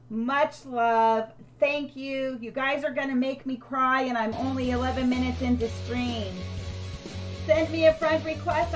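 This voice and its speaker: High-voiced older woman streamer, unhurried. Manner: chatty, thanks viewers warmly by name. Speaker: game streamer. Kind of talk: live stream chat with viewers.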